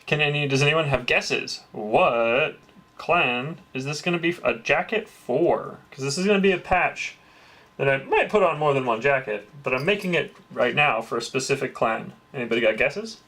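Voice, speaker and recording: A man's voice: mid-range voice, animated, moderate pace, bright, forceful tone. Chatty man hosting a crafting stream. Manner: chatty, reads and greets chat, swears lightly. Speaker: crafting livestream host. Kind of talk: casual livestream chat.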